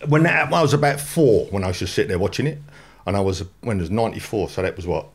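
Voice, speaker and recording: A man's voice: fairly low pitch, fast, husky. A man in his forties with a London accent, telling his life story in a blunt, slangy way. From England. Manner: blunt and unpolished, lively storytelling with dropped-in slang. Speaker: guest.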